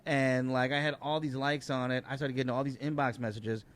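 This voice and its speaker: A middle-aged male comedian tells a story on a podcast in a casual, rambling way. He swears freely and keeps doubling back to fill in who is who. His voice sits at an ordinary middle pitch. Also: steady tone, fairly quick. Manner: profane, rambling anecdotes. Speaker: guest comedian.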